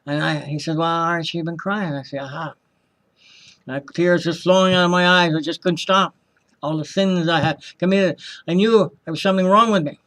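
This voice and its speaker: A man's voice: on the high side, steady tone, normal speed, fairly bright tone. An older man giving an earnest religious testimony, rambling with frequent restarts and self-corrections. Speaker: testimony speaker.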